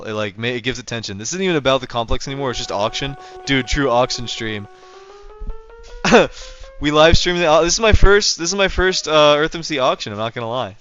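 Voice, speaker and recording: With a mid-range, slightly bright voice, a young man chats casually to viewers while streaming a game live. He rambles and keeps correcting himself, and his lo-fi mic sounds dull.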